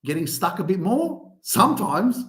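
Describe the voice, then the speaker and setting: A man's voice: sits high, moderate pace, echoey room. A man hosting a podcast, giving an emphatic motivational rant full of swearing. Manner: animated, heavy swearing, emphatic. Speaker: podcast host.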